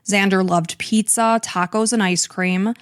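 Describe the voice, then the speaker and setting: A woman's voice: mid-range voice, steady tone, unhurried, clear, resonant tone, dry recording, clean studio sound. A woman hosting a true crime podcast, earnestly recounting events step by step. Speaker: podcast host.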